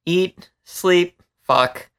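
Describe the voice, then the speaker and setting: A man's voice: sits high, extremely slow, clean tone, pitched above the performer's own voice, full character voice. A man reading a story, voicing a stocky male rat who teases with a smirk. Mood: joking. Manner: smirking, deadpan teasing.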